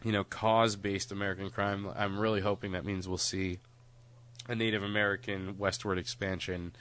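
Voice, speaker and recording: A man's voice: fairly low pitch, little pitch movement, moderate pace, a bit bright. A man co-hosting a podcast, chatting casually and rambling, with frequent laughs and casual swearing. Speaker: podcast co-host.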